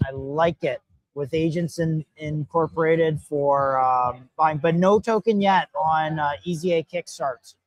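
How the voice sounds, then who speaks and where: A man hosting a casual live-stream interview at a hackathon event, upbeat and chatty with quick reactions. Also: on the high side, no room sound. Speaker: host.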